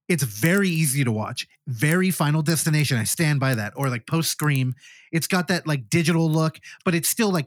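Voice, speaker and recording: A man's voice: on the high side, dry recording, studio quality. A man co-hosting a podcast, casually reviewing a horror film and animatedly acting out the characters' lines as he retells it. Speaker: podcast co-host.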